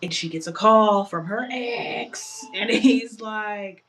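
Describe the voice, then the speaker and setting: A young woman paints her nails on a livestream while casually retelling a story, chatty and animated with playful outrage. Her voice is mid-range and a little slow.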